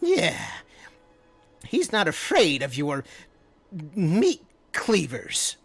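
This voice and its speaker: A man's voice: on the high side, huge pitch swings, extremely slow, creaky, a bit bright, breathy edge, soft background music, voice pushed up, heavily acted. A man voicing a sheepish, bumbling male gnome deputy with a timid manner. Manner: timid, hesitant.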